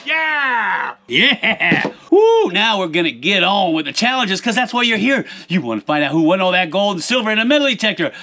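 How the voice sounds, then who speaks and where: A man's voice: sits high, lively intonation, fast, hardly any pauses, pushed and bright. A man hosting his show, reading out supporter names with folksy cowboy banter and playful jokes. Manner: jokey, folksy cowboy talk, playful mispronunciations. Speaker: host.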